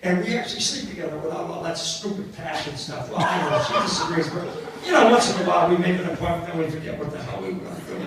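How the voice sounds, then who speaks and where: Older man telling jokes in an echoey hall. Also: high-pitched. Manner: joking, rambling, self-mocking. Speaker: party entertainer. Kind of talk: comic storytelling to a live party. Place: party hall. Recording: echoey hall from far off, noisy.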